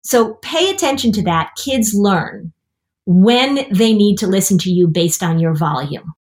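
A therapist in her fifties hosts a casual podcast, speaking at medium pitch and a little slowly. She explains things plainly and acts out parents and kids in lively voices.

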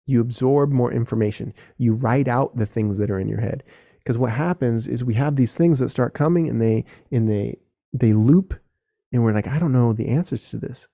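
Gravelly-voiced man, earnest solo podcast. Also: medium pitch, normal speed, mellow. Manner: earnest, direct, casual, with mild swearing. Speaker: podcast host.

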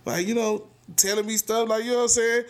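A man guest on a podcast, telling animated stories in casual slang, dropping "bro" constantly. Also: high voice, fast talker. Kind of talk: casual storytelling.

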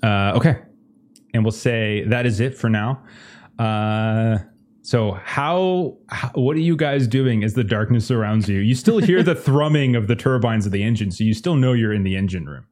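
A man's voice: fairly low pitch, moderate pace, darkish tone. A man narrating a tabletop horror game as game master, in a casual, chuckling way with many fillers.

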